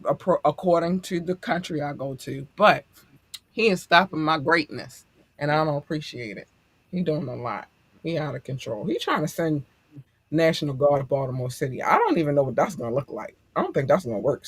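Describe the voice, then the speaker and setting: A woman's voice: low voice, big pitch swings, a little fast, breathy edge, dry recording. A woman co-hosting a podcast in casual chat, effusive and affectionate, laughing often as she talks to listeners. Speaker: podcast co-host.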